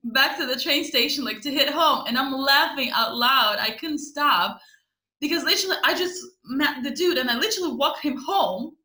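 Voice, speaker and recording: A young woman telling a story on a podcast. Her voice sits a little high and sounds strikingly bright and sharp. She is animated, curses freely and laughs often, and the room around her is echoey. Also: normal speed. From Ukraine. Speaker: podcast co-host. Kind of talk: casual storytelling chat.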